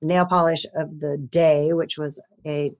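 A woman, a film makeup artist, telling stories in an interview, growing animated when excited. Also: low-pitched, measured pace. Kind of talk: interview, casual storytelling.

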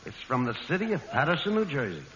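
A man's voice: mid-range voice, very animated, quick pace, a bit bright. An actor playing a bossy, exasperated straight man in an old radio comedy routine. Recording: dull old radio broadcast, noisy, echoey hall.

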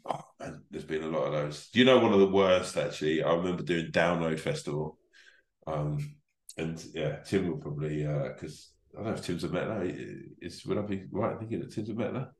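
Deep-voiced sweary man telling stories. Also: fairly quick, reverberant. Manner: sweary, rambling anecdotes with restarts. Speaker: comedian guest. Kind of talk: casual podcast storytelling.

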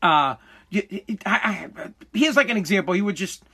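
A man's voice: high-pitched, lively intonation, moderate pace, sharp tone, slightly rough. A man in his forties hosting a podcast, giving an emphatic, profane motivational monologue full of restarts. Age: 40s. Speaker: podcast host.

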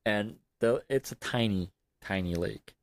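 A man's voice: on the low side, measured pace, no room sound. A man co-hosting a casual home podcast, telling stories animatedly and laughing often, close to a desk mic. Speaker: podcast co-host. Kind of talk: casual chat. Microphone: desk studio mic.

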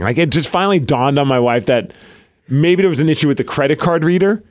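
Podcast co-host, male, slightly high voice, lively storyteller who acts out the dialogue. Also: fast. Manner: animated storyteller, acts out quoted lines. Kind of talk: casual chat.

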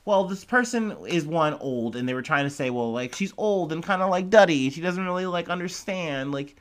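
A man's voice: a little high, moderate pace. A man giving a casual commentary on a story, rambling with lots of fillers and restarts. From United States. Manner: rambling, filler-heavy, animated retelling.

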